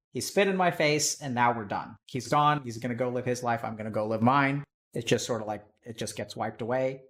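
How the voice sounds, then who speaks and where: A man giving blunt, casual advice in conversation, swearing freely and acting out the people in the stories he tells. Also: medium pitch.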